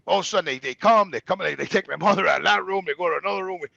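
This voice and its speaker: A man's voice: high-pitched, rapid-fire, gravelly, sharp tone, dry recording, muffled recording. A man telling a story casually, swearing constantly and acting out the voices of the people in it. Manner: profane, emphatic, acts out quoted voices. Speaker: guest storyteller.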